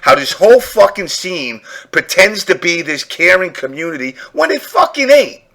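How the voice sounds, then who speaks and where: A furious male host delivers a profane rant. His voice sits a little high and swings widely up and down as his anger rises and falls. He speaks in a loose, talk-show manner. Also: normal speed, vocal fry. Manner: furious, swearing heavily, lively swings in pitch.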